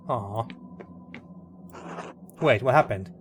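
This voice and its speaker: A man's voice: mid-range voice, moderate pace, long pauses, noisy background. A man hosting a story game playthrough, reacting earnestly and openly emotional. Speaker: let's play host. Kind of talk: gameplay commentary.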